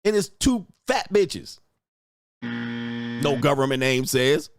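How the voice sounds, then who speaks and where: A man's voice: mid-range voice, animated, takes it slowly, no room sound, clean studio sound. A man in his forties hosting a livestream, ranting crudely and boisterously, mocking critics and reading viewer comments aloud. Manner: profane, boisterous, mocking, reads viewer chat. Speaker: livestream host.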